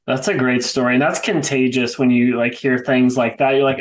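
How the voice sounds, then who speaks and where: A young adult man hosting a podcast in a relaxed, friendly way, with plenty of casual fillers. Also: mid-range voice, normal speed, few pauses. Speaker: podcast host. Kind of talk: casual interview.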